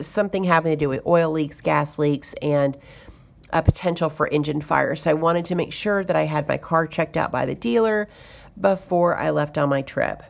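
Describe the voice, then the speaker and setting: Low-voiced with vocal fry, a woman who runs a budgeting YouTube channel talks to camera. She recounts a story chattily, sounding exasperated and using lots of fillers.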